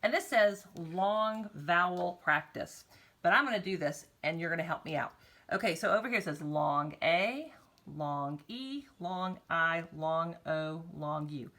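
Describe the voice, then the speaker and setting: A woman teaching kindergartners phonics, slowly drawing out vowel sounds in an encouraging, sing-song way and speaking straight to the children. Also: fairly low pitch, animated, fairly bright tone. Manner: encouraging, talks directly to children. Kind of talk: recorded morning meeting lesson for young children.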